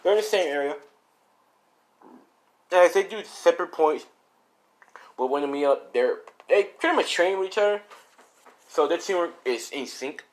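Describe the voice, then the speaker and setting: A man improvising a fan-made story out loud, rambling and full of fillers. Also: fairly high pitch, moderate pace, pauses often.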